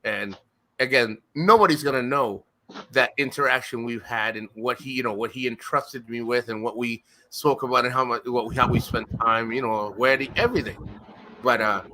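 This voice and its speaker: A man with a bright, forceful voice talking on a live stream. He rambles, restarts his sentences and retells conversations in an emotional, casual way. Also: medium pitch, moderate pace, a little hiss or hum.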